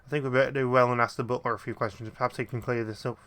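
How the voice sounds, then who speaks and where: Man reading polite professor sleuth, formal, courteous, brisk. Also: medium pitch, level tone, fairly bright tone, clean tone, lightly acted. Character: calm, polite gentleman professor detective.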